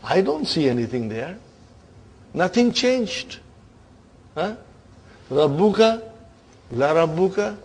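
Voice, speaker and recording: A man's voice: sits high, big pitch swings, slow pace, pauses often, darkish tone, breathy edge, voice pushed up, exaggerated voice. A man voicing a pushy, scornful personified grammar particle that challenges another word with mocking questions.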